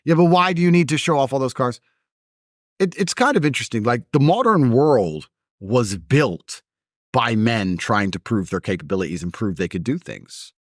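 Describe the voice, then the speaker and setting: Man, blunt and mocking, swooping animated pitch, dry close sound. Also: moderate pace, no echo. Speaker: guest. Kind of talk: podcast conversation.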